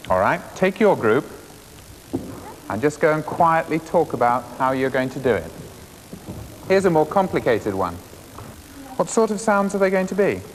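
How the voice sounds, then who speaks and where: A man leads a class of young children through percussion games, brisk and encouraging. His voice swings up and down a lot. It is heard on an old 1980s schools TV recording, with a long hall reverb and faint background hiss. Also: on the high side, sing-song. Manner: encouraging, brisk teacher questions. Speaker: music presenter teaching a primary class. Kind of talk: classroom music lesson for schools TV.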